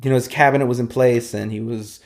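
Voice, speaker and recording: A man, a poet and guest, talking in a reflective way with halting restarts. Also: medium pitch, fairly even intonation, vocal fry, darkish tone. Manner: rhythmic, profane spoken-word delivery; reflective, halting conversational talk with many restarts. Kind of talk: casual interview chat and spoken-word performance.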